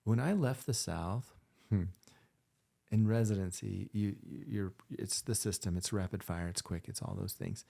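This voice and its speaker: A man's voice: lowish voice, unhurried, vocal fry, mellow. A man, a physician hosting a casual conversation, telling heartfelt stories and repeating himself for emphasis. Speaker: physician and podcast host.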